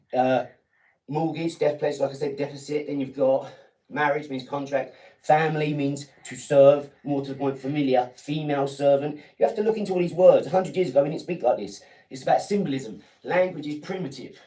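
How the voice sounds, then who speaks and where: A man's voice: on the high side, mellow. English man, 40s, combative live-stream lecturer, off-mic in an echoey kitchen. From England. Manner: lecturing, combative, talks down to viewers. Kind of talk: ranting live-stream monologue. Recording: echoey room, mic at a distance.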